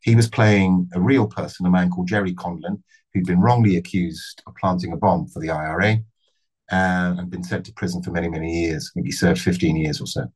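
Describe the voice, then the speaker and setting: A middle-aged man, an actor, answering interview questions thoughtfully, with measured phrasing and frequent restarts. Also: low-pitched, steady tone, a little mellow, husky, low-quality recording.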